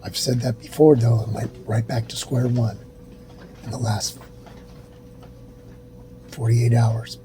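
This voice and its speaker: A man's voice: slow, pauses often, rough recording. A middle-aged man filming a casual update from his hospital room while ill, sighing often and sometimes dropping to a whisper. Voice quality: soft, drifting into whispers. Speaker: vlogger. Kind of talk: casual self-filmed update. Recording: steady rumbling background noise. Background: low rumble.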